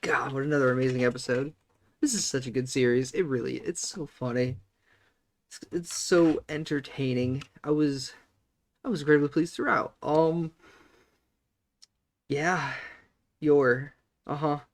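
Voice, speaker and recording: A man reacting to an anime episode in relaxed, chuckling chat. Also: medium pitch, a little slow, long pauses. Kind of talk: casual chat.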